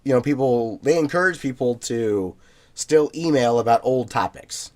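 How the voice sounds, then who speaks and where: A man co-hosting a podcast in a relaxed way, reading out listener emails with plenty of fillers and easy laughs. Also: medium pitch, normal speed. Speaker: podcast co-host.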